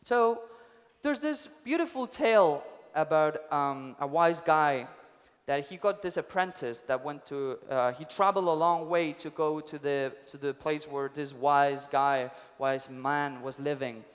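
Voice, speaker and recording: A man's voice: fairly high pitch, measured pace. A young man giving a casual conference talk, telling parables and swearing now and then. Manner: casual, swears, tells parables with acted quotes. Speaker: conference speaker. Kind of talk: storytelling talk. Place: conference stage. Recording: long hall reverb.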